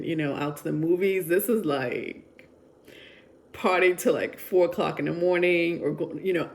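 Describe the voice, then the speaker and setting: Low-voiced, chatty woman reading tarot. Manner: rambling and chatty, with frequent filler words. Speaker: tarot reader.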